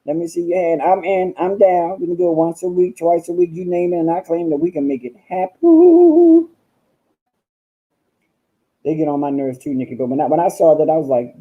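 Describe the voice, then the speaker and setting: Sassy, profane man with a very dark voice. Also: on the high side, lively intonation, normal speed, pauses often, highs cut off. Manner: sassy and profane, calls listeners honey and girl. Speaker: livestream host. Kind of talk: casual livestream rant.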